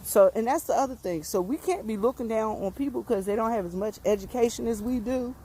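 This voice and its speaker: A woman's voice: fairly high pitch, fairly quick, dark tone, a little hiss or hum. A woman talking casually to viewers on a phone while walking outdoors, a bit out of breath and folksy and preachy in manner. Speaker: vlogger. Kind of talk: casual livestream walking talk. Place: outdoors on a rural road.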